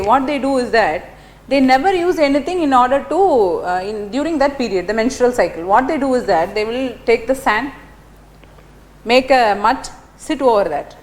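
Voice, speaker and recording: A middle-aged woman lectures a class, her voice sitting fairly high. She tells stories animatedly, peppering them with fillers and tag questions. A faint hiss of noise runs under the recording. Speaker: teacher.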